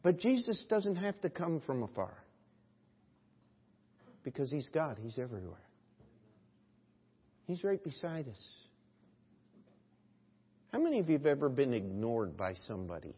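A male pastor preaches earnestly and rhetorically, hitting his congregation with one question after another. His mid-pitched, slightly breathy voice moves between quiet passages and loud ones. The audio sounds dull, with a long hall reverb.

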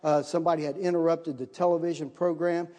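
Middle-aged male preacher, high voice, animated storyteller, sermon in a reverberant church hall. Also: fast talker. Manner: animated, acts out his own panic in higher voice. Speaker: missionary pastor.

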